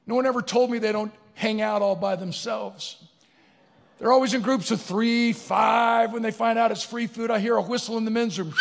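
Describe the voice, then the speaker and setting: High, gravelly male keynote storyteller. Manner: comic, animated storyteller acting out voices. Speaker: keynote speaker. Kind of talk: motivational storytelling speech. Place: large barn event venue, live audience. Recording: long hall reverb.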